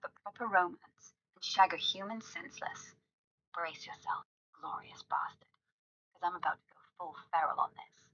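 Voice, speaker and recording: A woman's voice: fairly low pitch, pushed and bright, whispered, muffled recording. A synthetic woman's voice playing a crude, foul-mouthed female AI chatbot that fires off raunchy banter. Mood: brash. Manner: brash, rapid-fire raunchy banter.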